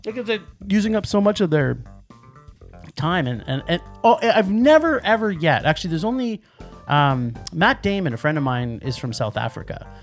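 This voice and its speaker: A man's voice: fairly high pitch, sing-song, moderate pace, soft background music. A man co-hosting a movie podcast in casual chat, rambling with restarts and laughs. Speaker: podcast co-host.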